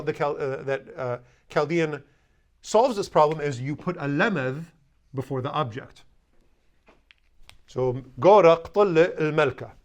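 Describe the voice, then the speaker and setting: Man teaching a language class. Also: a little high. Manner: explanatory, conversational, repeats Chaldean words slowly. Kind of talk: classroom lesson.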